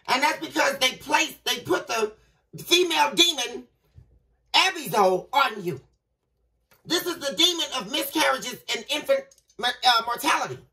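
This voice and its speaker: Woman tarot reader, lively swooping pitch, set a little back from the mic, dramatic and halting. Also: gravelly, far from the mic, poor audio. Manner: dramatic, halting, repeats phrases for emphasis. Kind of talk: tarot reading addressed to viewers.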